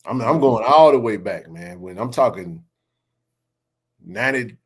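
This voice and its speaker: A man's voice: on the low side, unhurried, breathy edge. A man in his forties hosting a sports podcast, telling neighborhood stories in a laughing, slangy way. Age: 40s. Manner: laughing, animated storyteller with slang. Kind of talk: casual storytelling chat.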